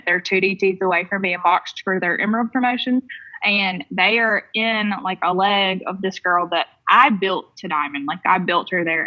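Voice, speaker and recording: A woman chatting casually and rambling, leaning on lots of fillers. Her voice is bright. The recording sounds dull and lo-fi. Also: mid-range voice. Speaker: MLM team member. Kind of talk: casual chat.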